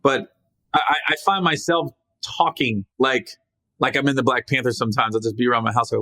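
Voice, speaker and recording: Quick-paced and forceful, this podcast host speaks in a bright, mid-range voice on a dry recording. Alone at the mic, he rambles casually, pokes fun at himself, and often restarts or corrects what he's saying.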